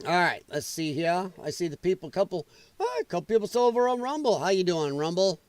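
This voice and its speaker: A man's voice: high-pitched, expressive, a little fast, no room sound. A man hosting a podcast livestream, rambling in casual commentary and reacting aloud to viewer chat. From United States. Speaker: podcast host.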